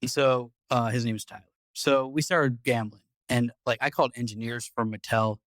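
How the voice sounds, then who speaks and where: Male podcast host, mid-pitch, rambling storyteller with a dry, close sound. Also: steady tone, moderate pace, a bit bright, no room sound. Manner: rambling, profane, repeats words. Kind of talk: casual storytelling.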